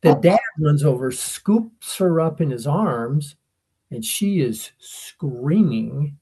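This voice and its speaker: A man's voice: on the high side, slow, slightly rough. An older man co-hosting a podcast, telling stories casually and acting out the voices of the people in them. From United States. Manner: animated, acts out quoted voices. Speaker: podcast co-host. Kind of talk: casual storytelling chat.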